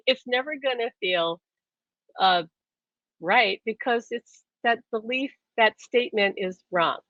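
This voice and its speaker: A woman's voice: fairly high pitch, fairly bright tone, dry recording. A woman teaching on a live stream, talking earnestly and repeating herself as she acts out inner voices. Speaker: spiritual teacher. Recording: dry, muffled lo-fi sound.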